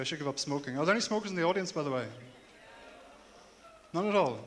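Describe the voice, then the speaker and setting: A man with a Dublin Irish accent doing a deadpan stand-up comedy set on stage, with hesitant fillers between dry lines. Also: a little high, fast. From Ireland. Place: stage at a live comedy gig. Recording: live hall recording with reverb and faint ambient noise.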